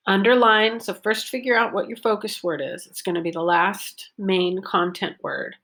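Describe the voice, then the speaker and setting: Slow, deliberate woman teaching pronunciation. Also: on the low side, vocal fry, fairly bright tone. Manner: slow, deliberate, exaggerated stress on model sentences. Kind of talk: recorded language lesson.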